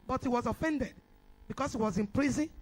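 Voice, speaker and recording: A Nigerian woman preaching in church, telling a story with animated energy and rising to shouts. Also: on the high side, a little fast, poor audio. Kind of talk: sermon testimony.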